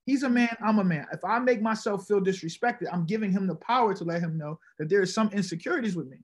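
A man with a high, husky voice speaks as a podcast guest, telling stories in an animated way. His voice has a breathy rasp to it, and he jumps into character when he quotes people in his stories. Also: quick pace. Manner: animated, acts out quoted dialogue. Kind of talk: casual conversational storytelling.

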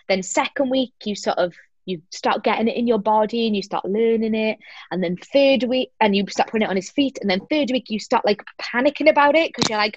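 A stage actress chatting in an interview, lively and talkative, acting out quoted lines as she goes. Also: medium pitch, dry recording, highs cut off. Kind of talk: casual interview chat.

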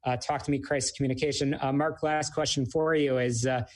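A man's voice: medium pitch, fairly even intonation, a little fast. A man hosting a business talk show, interviewing a guest with many fillers and hesitations. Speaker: radio show host.

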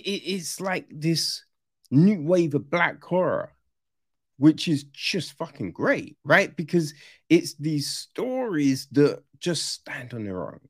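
A film reviewer, giving a casual, animated review full of swearing and acted-out reactions. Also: mid-range voice, no echo, clean studio sound.

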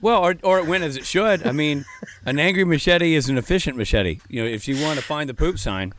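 A man's voice: a little high, expressive, brisk, fairly bright tone, a little hiss or hum. A man co-hosting a casual podcast, cracking dry, wry jokes. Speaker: podcast co-host.

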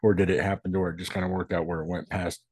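A man with a very deep, slightly husky voice chatting about an old western on a podcast. He sounds relaxed and reflective and laughs easily, and the close mic keeps his voice dry. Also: very fast, dry recording. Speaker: podcast co-host. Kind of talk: casual movie discussion.

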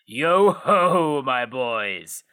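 A man voicing a portly, jovial old male merchant who calls out loudly in a storybook reading. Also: very animated, extremely slow, clear, resonant tone, full character voice. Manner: loud, booming, jovial calls.

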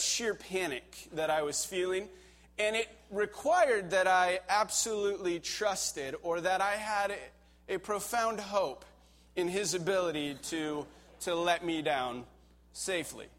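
A middle-aged man preaching a sermon, telling a personal story in a conversational way and getting animated as he relives a tense moment. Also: a little high. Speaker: pastor.

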